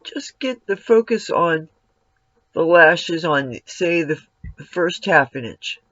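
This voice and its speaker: A man's voice: on the high side, lively intonation, slow pace, fairly bright tone, no room sound. A man giving a casual makeup tutorial at home, rambling and breaking off to talk to his cat. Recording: dull lo-fi, dry sound.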